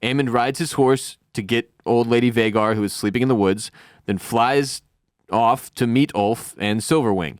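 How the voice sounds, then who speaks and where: A man's voice: medium pitch, moderate pace, no room sound. Male co-host, dry studio mic, wry recap voice, jokey asides. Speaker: podcast co-host. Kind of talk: casual recap chat.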